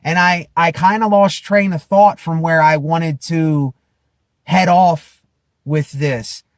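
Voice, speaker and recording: Slow, emphatic man with a high voice. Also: fairly even intonation, dry recording, clean studio sound. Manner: slow, emphatic, repeats phrases, rises to shouting declarations. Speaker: vlogger. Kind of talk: impassioned self-help monologue.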